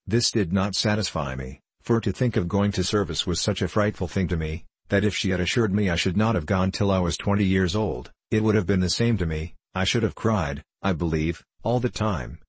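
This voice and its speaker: Deep husky male audiobook narrator. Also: dry recording. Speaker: audiobook reader. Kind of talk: scripted narration of an old novel.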